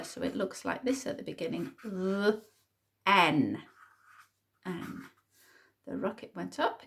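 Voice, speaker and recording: A woman teaches a phonics writing lesson for small children, sounding out each word and thinking aloud. Her pace is very slow and deliberate, and her pitch rises and falls in a lively way. A gravelly edge runs through her voice. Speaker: primary school teacher.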